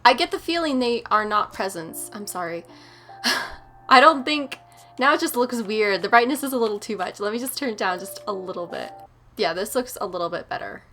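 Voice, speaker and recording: A woman's voice: medium pitch, expressive, moderate pace, sharp tone, faint music behind. A woman hosting a horror game let's play, chatty and nervous, talking to herself as she explores. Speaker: gaming channel host.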